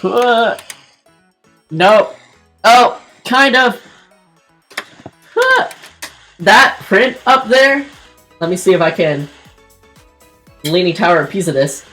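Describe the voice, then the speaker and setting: A woman's voice: medium pitch, big pitch swings, slow pace, long pauses, a bit bright, soft background music. A woman streamer telling a personal story in casual chat while drawing, rambling with lots of fillers and restarts. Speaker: streamer and artist.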